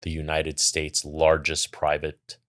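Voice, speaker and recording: A man's voice: very deep voice, monotone, slow, fairly bright tone. A middle-aged man co-hosting a casual podcast, giving earnest advice and reading out viewer questions. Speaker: podcast co-host. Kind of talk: casual chat.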